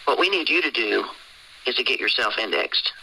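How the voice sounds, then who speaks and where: A man's voice: medium pitch, expressive, normal speed, creaky, bright, forceful tone, a little hiss or hum, poor audio. A man hosting a call, pressing listeners with rhetorical questions in an insistent tone. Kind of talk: sermon-style call talk.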